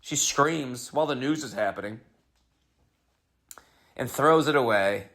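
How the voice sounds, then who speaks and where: A man's voice: medium pitch, a little slow, a bit bright. A man hosting his own podcast, telling a comedic story in a rambling, wry, self-interrupting way.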